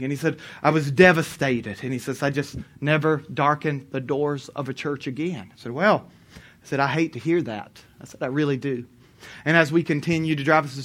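A middle-aged man preaching a sermon and telling a personal story, moving from loud emphasis to quiet, low retelling. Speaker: pastor.

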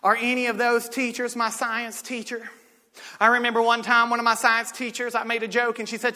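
High-voiced preacher in an echoing hall. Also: male voice, monotone, fairly quick. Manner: swings from loud shouting to quiet, intimate talk. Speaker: pastor. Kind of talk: sermon. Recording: long reverb of a church hall.

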